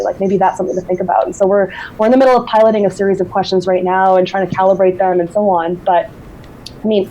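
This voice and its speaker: Mellow-voiced woman giving an academic talk. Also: medium pitch, rough recording. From Newfoundland. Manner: casual, many fillers and restarts. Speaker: invited speaker.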